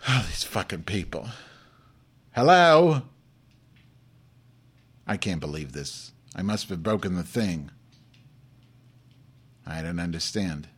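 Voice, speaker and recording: A crude, abrasive Jewish woman host, played by a man, who rambles through a live webcast in profane rants. The voice sits fairly low for a man's. The tone stays irritable and unpolished, typical of improvised comedy. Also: unhurried, pauses often, slightly rough. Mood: grumbling. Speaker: host of a live online show.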